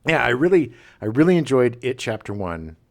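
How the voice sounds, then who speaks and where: Middle-aged male podcast co-host; casual chatter, lively scene retelling. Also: medium pitch, fairly quick, vocal fry. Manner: animated storyteller, acts out movie scenes. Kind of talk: casual chat.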